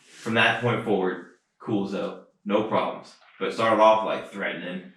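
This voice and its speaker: A man telling a work story in casual, profane, animated chat on a podcast. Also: fairly low pitch, normal speed. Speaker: podcast co-host. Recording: roomy echo, distant mic.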